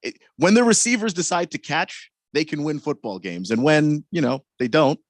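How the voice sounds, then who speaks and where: A man's voice: on the high side, animated, normal speed, no echo. A man co-hosting sports radio in casual talk, hesitant and repeating words.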